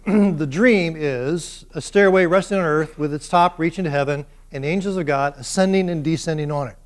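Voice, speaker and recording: A male university lecturer giving a classroom lecture in an animated way, putting questions to his students. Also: fairly high pitch, normal speed.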